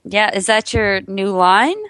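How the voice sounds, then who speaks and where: A woman's voice: medium pitch, fairly even intonation, a little slow, a bit bright, clean tone, no echo. A young woman co-hosting a podcast in casual chat, teasing and rattling off plugs. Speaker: podcast co-host.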